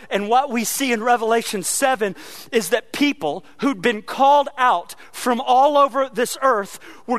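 A man preaching a sermon as pastor, earnest, often repeating words and slowing down to stress a line. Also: extremely high pitch, fairly bright tone, dry recording.

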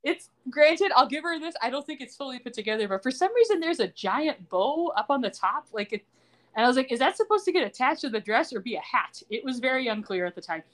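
Woman podcast host, slightly high voice, lively recap, acts out quotes. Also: quick pace. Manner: animated storytelling, acts out quoted lines. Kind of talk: casual chat.

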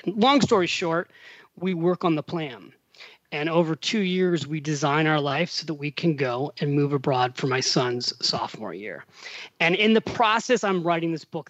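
Middle aged guy spinning a story on a podcast, kinda high voice, dry muffled audio. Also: no echo. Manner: animated storyteller, acts out quotes. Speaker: podcast guest, author. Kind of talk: casual storytelling conversation.

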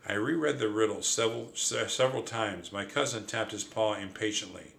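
A man narrating a children's adventure story in an expressive, lively reading. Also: fairly low pitch, fairly quick, creaky, few pauses, a little hiss or hum. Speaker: audiobook narrator.

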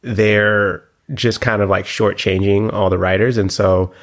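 A man's voice: on the low side, level tone, measured pace. A man co-hosting a podcast in casual chat, explaining things in a loose, talkative way with lots of "like". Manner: chatty, explains things with frequent "like". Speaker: podcast co-host.

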